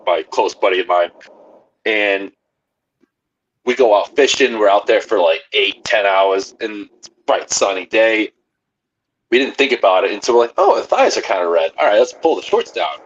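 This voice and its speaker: A male podcast co-host tells a short, easygoing, self-deprecating story in a lowish voice. His audio sounds dull and lo-fi, with faint hiss underneath. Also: a bit bright. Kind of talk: casual storytelling chat.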